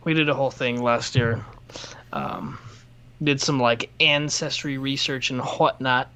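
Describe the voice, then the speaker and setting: A man co-hosting a fight podcast in casual, profane chat, slipping into quick impressions of the people he quotes. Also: medium pitch, steady tone, bright, forceful tone, smooth. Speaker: podcast co-host.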